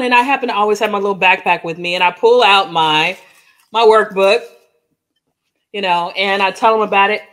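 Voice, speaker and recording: A woman co-hosting a podcast, telling a lively personal story in casual chat and acting out the dialogue as she goes. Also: mid-range voice, brisk. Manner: animated storyteller, acts out dialogue, frequent "like" and "oh my gosh". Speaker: podcast co-host.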